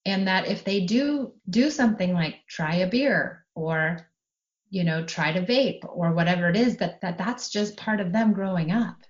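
Woman in her forties, mid pitch, calm and explanatory, slightly dull recording. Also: normal speed. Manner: calm, explanatory, acts out quoted dialogue. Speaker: parenting guest. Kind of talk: podcast conversation.

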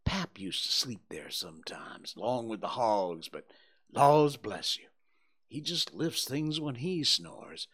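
A man's voice: mid-range voice, big pitch swings, slightly rough, heavily acted. A man reading a novel aloud, voicing a rustic, superstitious young boy with a folksy drawl. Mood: hushed. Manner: folksy drawl, hushed then breathless and quick. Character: rustic, superstitious boy in his early teens. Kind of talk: audiobook character voice.

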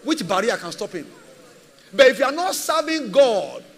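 A man's voice: extremely high pitch, big pitch swings, normal speed, creaky, fairly bright tone, long reverb tail. A man preaching a sermon as a pastor, emphatic and repetitive, firing rhetorical questions at his church.

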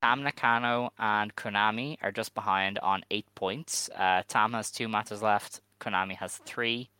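A man co-hosting a casual podcast, reading out standings in a measured, dry way. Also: on the low side, steady tone, pushed and bright, clean tone, no room sound. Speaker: podcast co-host.

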